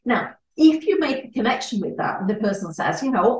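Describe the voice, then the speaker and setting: A woman gives a networking training talk with an animated delivery, slipping into short acted-out exchanges. She sits back from the microphone. The room echoes noticeably around her. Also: fairly high pitch, a little fast, few pauses. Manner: animated, acts out little dialogues. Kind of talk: presentation talk. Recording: echoey room, distant mic.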